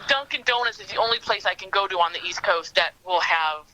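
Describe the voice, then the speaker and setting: A woman's voice: mid-range voice, fairly quick, sharp tone, poor audio. A middle-aged woman from Southern California, chatting as a podcast guest and rambling with lots of fillers. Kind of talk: casual chat.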